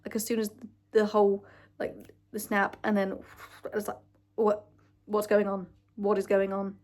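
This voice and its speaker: Young woman vlogger, casual gushing chat, emotional, swears a lot, mid-pitched voice. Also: flat delivery, moderate pace, pauses often, darkish tone. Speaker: vlogger ranking films.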